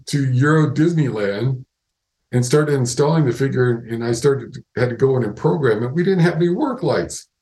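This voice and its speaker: An older man as an interview guest, telling casual work anecdotes with lively retellings and frequent laughter. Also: mid-range voice, poor audio. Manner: animated anecdotes, acts out quoted voices, laughs often. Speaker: interview guest, animatronics animator.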